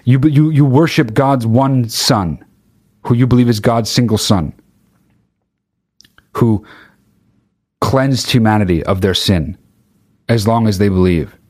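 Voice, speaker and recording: Male host, mid-pitched, casual profane rant, exasperated. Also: slow pace, pauses often, darkish tone. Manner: exasperated, heavy swearing. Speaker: podcast host.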